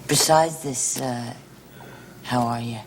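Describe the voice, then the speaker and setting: An actor playing a nervous trapped survivor in a 1970s soap opera, lecturing others to stay calm in a jittery way, on a hissy old TV soundtrack. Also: female voice, extremely low pitch, takes it slowly, exaggerated voice.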